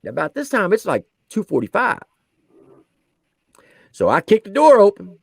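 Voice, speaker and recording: A man's voice: high voice, wildly swooping pitch, moderate pace, vocal fry, long pauses, breathy edge, no echo. A man, an army veteran who served as a drill sergeant, telling a story on a podcast in casual slang and acting out the quotes.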